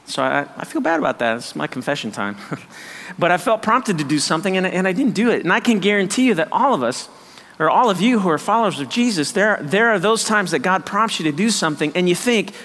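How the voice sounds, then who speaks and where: A man preaching a sermon, lively and conversational, acting out people's excuses and laughing at himself. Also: high-pitched, a little fast, long reverb tail. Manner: animated, acts out voices of doubters, laughs often. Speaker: pastor.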